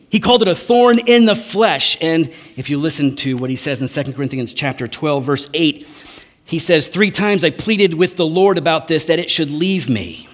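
A man's voice: a little high, fairly bright tone. A man preaching a sermon in a conversational way, often checking in with "right?". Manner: conversational, frequent "right?" tags.

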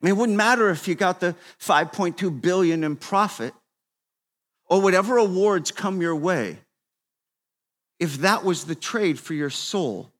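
A man in his fifties preaching a sermon to a room, conversational and repetitive, swinging between quiet asides and emphatic, raised exhortation. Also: high voice, animated, a little slow. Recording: long reverb of a large hall.

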